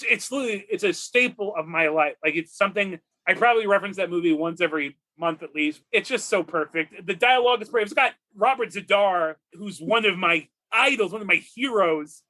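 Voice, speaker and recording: A man in his forties from California, co-hosting a movie podcast, rambling excitedly and laughing often. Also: high-pitched. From Redlands, California. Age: 40s. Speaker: podcast co-host. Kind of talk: casual movie podcast chat.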